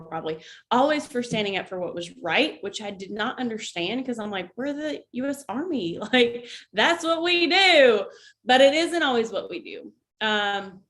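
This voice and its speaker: In a casual to-camera vlog, an army veteran speaks frankly and conversationally with her audience, regularly breaking off for asides. Her voice is mid-range and a bit bright.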